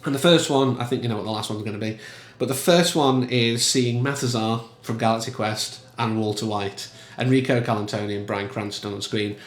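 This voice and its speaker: A man giving casual, emphatic film commentary in a chatty, animated way. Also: mid-range voice, fairly quick, hardly any pauses, echoey room. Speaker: film reviewer.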